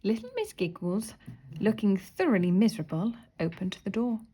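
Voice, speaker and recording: Woman, storybook reading, expressive, lively pitch, breathy, whispered asides. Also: moderate pace. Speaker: story reader.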